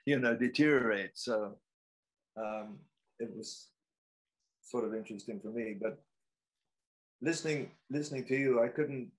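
A man's voice: medium pitch, a little slow, pauses often, slightly rough, rough recording. A man in the audience asking an author a long, hesitant, musing question over an online call. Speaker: audience member.

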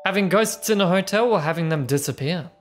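A woman's voice: on the low side, fairly quick, loud music behind the voice. A young adult woman playing through a video game, chatting playfully and reading the characters' dialogue aloud. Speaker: let's play host. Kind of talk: gameplay commentary.

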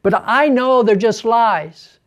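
A man teaching about deliverance ministry in an earnest, plain-spoken way, dropping his voice low and hushed when quoting others. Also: slow pace. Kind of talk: teaching talk to camera.

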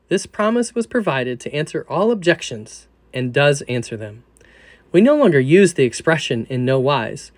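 A man's voice: a little high, no room sound. A man, a pastor, reading aloud from a devotional book in an earnest way, acting out the back-and-forth between a doubting sinner and Christ.

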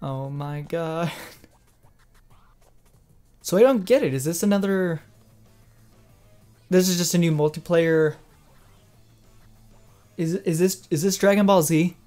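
An excitable host reacts live to a game showcase, swinging between loud exclamations and flat, dismissive asides. The talk is casual and unfiltered, with plenty of swearing, at a middle pitch, with faint music playing behind. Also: slow, pauses often.

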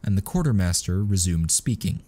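Deep-voiced man narrating a story. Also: fairly quick. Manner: steady storytelling read. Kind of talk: scripted narration.

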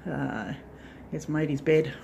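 A woman with a low, dark voice and some vocal fry talks slowly over slight background noise. She's a craft channel vlogger giving a chatty, rambling tour of her farm lodge unit on a handheld phone, correcting herself as she moves from indoors to the back porch.

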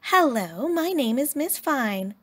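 A woman voicing a patient, kindly female schoolteacher who speaks clearly, as if explaining a lesson. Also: high-pitched, sing-song, slow, fairly bright tone, voice pushed up, full character voice. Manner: clear and instructive.

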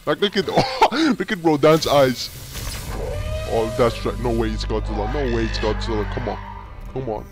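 Excitable man reacting to a video. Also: medium pitch, normal speed, over loud music. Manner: excitable, talks to the screen with "yo" and "bro". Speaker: reaction channel host.

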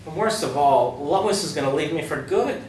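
A dim, boastful cartoon dad read by a man blurts out lines in a loud, goofy way. His voice is raised and bouncy, heard from a distance in an echoey room. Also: fairly high pitch, expressive, normal speed, lightly acted. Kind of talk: script table read. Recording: roomy room, distant mic, faint hiss.

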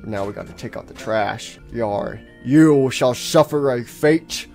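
A man's voice: mid-range voice, a little slow, darkish tone, faint music behind, pitched below the performer's own voice, natural voice. A man voicing a stern male pirate fox animatronic who growls pirate talk full of rolling yar and arr. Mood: gruff.

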